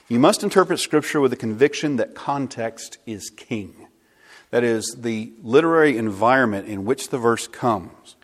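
A man preaching a sermon, emphatic and asking the congregation rhetorical questions. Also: lowish voice.

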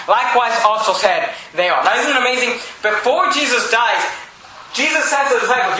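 A man preaching a sermon with fervor, rising to shouts and reading scripture aloud. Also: very high voice, a little fast, very echoey, slight background noise, rough recording. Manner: fervent preaching, rises to shouts, reads scripture in old English.

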